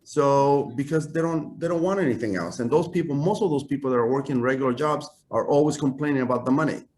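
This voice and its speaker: This fifty-something suit maker is a casual, confident, lively interview guest who keeps ending lines with "right?" His pitch is medium and he speaks quickly.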